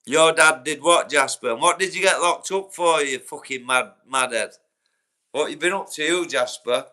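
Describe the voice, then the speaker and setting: A young man with a Yorkshire accent hosts a livestream, his voice on the high side with a sharp tone at normal speed. He chats bluntly and swears, answering viewers by name in casual conversation.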